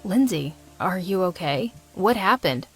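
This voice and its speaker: A woman voicing a caring teenage boyfriend who talks softly and tenderly in a storytime video. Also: fairly low pitch, lively intonation, a little slow, soft background music.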